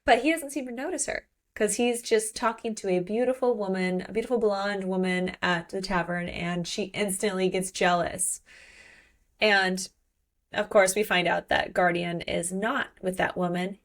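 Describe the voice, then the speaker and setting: A woman's voice: mid-range voice, normal speed. A young woman hosting a podcast, casually recapping a book in a chatty way, with lots of filler words. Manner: chatty, filler-heavy, animated retelling. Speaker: podcast host.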